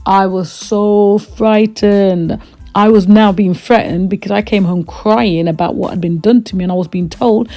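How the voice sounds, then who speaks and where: A woman's voice: mid-range voice, a little slow, dark tone, muffled recording. A woman from Trinidad, hosting a podcast and telling her own story in a candid, emphatic way. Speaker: podcast host and reverend.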